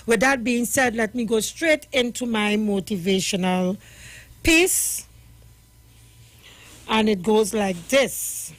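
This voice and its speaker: A woman's voice: medium pitch, slow pace, pauses often, dry recording. A woman hosting a radio show, talking cheerfully and praying aloud in a studio with music playing behind her. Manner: cheerful, prays aloud, sings along with the track. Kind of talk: upbeat radio talk and prayer.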